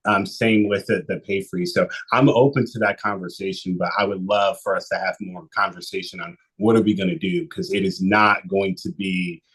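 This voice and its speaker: A man's voice: sits low, fairly even intonation, normal speed, hardly any pauses, a bit bright, breathy edge, poor audio. A man speaking as a city commissioner in a public meeting, apologetic and hesitant with many restarts.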